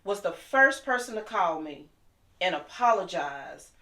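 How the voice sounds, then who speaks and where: A woman's voice: fairly low pitch, big pitch swings, pushed and bright. Middle-aged woman, aave, heated and emotional, voice bouncing round an echoey room. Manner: impassioned, talks fast and heated. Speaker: guest. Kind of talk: emotional personal storytelling.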